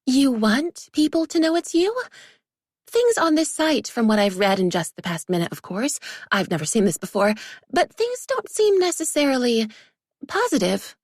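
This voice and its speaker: A woman's voice: sits high, sing-song, moderate pace, darkish tone, no echo, clean studio sound, voice pushed up. A woman voicing an anxious young female personal assistant who speaks in a nervous, flustered way.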